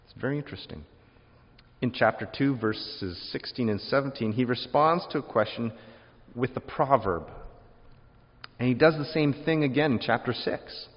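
A man delivers a sermon with a wry, lively touch, switching into voices for the people he quotes and throwing in joking asides. His voice rings out in a long hall reverb. The recording is dull and lo-fi. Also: medium pitch, moderate pace. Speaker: preacher.

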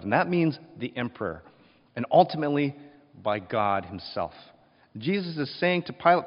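A man preaching a sermon, telling the scene with emphatic, expressive storytelling. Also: medium pitch, normal speed. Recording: dull recording with long reverb.

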